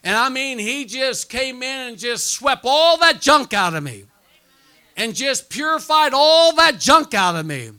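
A man preaching a revival sermon, punctuating his points with amens and calls for response, and dropping to a hushed tone when he tells his own story. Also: very high-pitched, big pitch swings, measured pace, clean tone. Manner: drops quiet and hushed when telling his testimony. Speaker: pastor.

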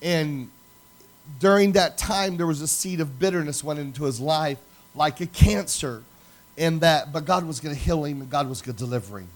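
High-voiced animated preacher man. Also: moderate pace. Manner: animated storyteller acting out dialogue. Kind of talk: sermon storytelling.

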